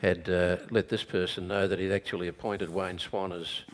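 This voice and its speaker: A deep-voiced man runs an on-stage interview. He asks measured, probing questions and often pauses on fillers while he frames them. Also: level tone. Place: stage at a talk venue.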